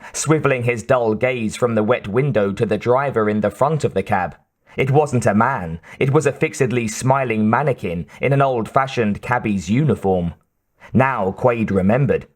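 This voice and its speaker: This is a man reading an audiobook script in a mid-range voice. His storytelling stays even and measured throughout.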